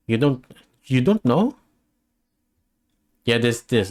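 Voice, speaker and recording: A man's voice: mid-range voice, big pitch swings, takes it slowly, long pauses, a little mellow, slight background noise. A man hosting a reaction channel, musing through casual commentary with frequent laughs and restarts.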